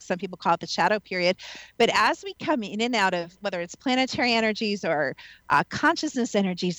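A woman's voice: medium pitch, a bit bright, dry recording, low-quality recording. A woman from the Midwest hosting a radio talk show, chatty and laughing often. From American Midwest. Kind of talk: casual radio chat.

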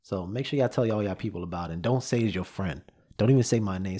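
A man's voice: on the low side, quick pace, mellow. A man hosting his own podcast, giving a loose, repetitive motivational talk straight to his listeners into a studio mic, a little out of breath. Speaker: podcast host. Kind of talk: casual motivational monologue.

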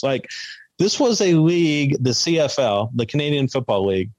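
A man co-hosting a podcast in casual chat, recapping in a relaxed, hesitant way. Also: medium pitch, fairly quick, dry recording, poor audio. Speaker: podcast co-host.

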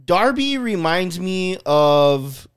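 A man's voice: sits high, big pitch swings, extremely slow, clean tone. A man hosting a podcast, chatting in a laid-back way full of fillers and restarts. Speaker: podcast host. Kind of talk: casual chat.

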